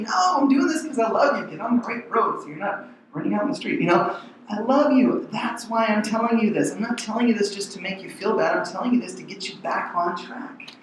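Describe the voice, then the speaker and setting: A man's voice: sits high, recorded from a distance, slight background noise. A middle-aged man preaching a conversational sermon as pastor, acting out the voices in the verses. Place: large church hall. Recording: very echoey hall.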